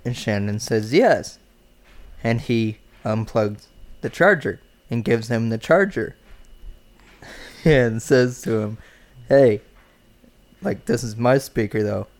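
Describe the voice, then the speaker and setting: A man's voice: medium pitch, animated, slow, long pauses. A man in casual podcast chat who laughs easily and gives blunt opinions. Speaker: podcast co-host.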